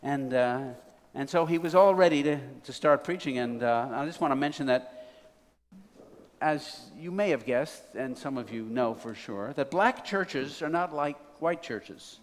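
A man's voice: medium pitch, unhurried. A man preaching a sermon, telling a folksy story to a congregation. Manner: folksy, building to excited. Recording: reverberant hall.

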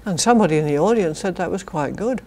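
An older woman with a British accent delivers an academic lecture, her voice gravelly with fry and mellow in tone. She talks with dry, wry humour and slips in chuckled asides. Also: fairly low pitch, expressive, quick pace. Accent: British English. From Britain. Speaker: philosophy professor giving a lecture. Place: university lecture to a student society.

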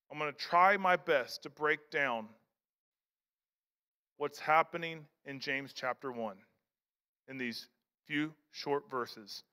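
A man's voice: fairly high pitch, pushed and bright, clean tone, big-room sound. A man preaching a sermon as pastor in a church, talking in a conversational way with repeated phrases and restarts. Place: church sanctuary.

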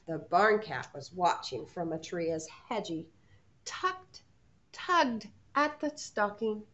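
A preschool teacher reading a storybook aloud to children, asking them questions along the way. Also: female voice, mid-range voice, slow pace. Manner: expressive, asks the children questions. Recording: muffled lo-fi sound.

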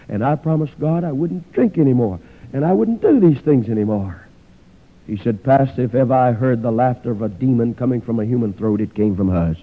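A man preaching a sermon, telling a story dramatically and acting out the people in it. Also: on the high side. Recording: tinny phone-like sound with long hall reverb.

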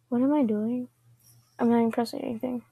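A woman giving casual commentary over her own gameplay, chatting to herself and often dropping into quiet whispers. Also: on the high side, slightly rough, no echo.

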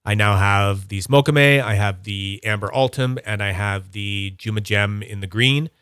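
Hosting a casual livestream, a man gushes rambling about his collection and switches to high, silly voices whenever he quotes someone. His pace is moderate and his tone a bit bright and clean. The recording is dry, at studio quality.

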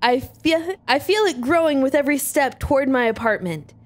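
A woman's voice: high-pitched, normal speed, dry recording. A woman co-hosting a let's play, reading a visual novel aloud with dramatic expression.

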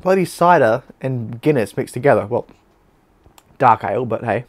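A man's voice: medium pitch, lively intonation, normal speed. An Australian man hosting a casual beer-tasting vlog, chatty and blunt, with slang and swearing.

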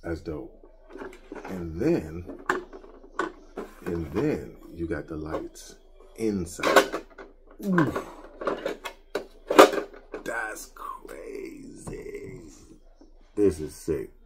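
A man chatting casually while showing off his toy collection at home, joking and slangy and quick to laugh. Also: deep voice, animated, heavy background noise. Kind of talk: casual unboxing chat. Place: home collection room with shelves.

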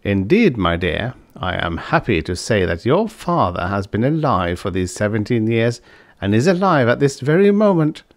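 A man voicing a fat, jovial, scheming crime boss with a suave, pompous, unhurried manner in a science fiction audiobook. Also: on the low side, sing-song, no echo, studio quality.

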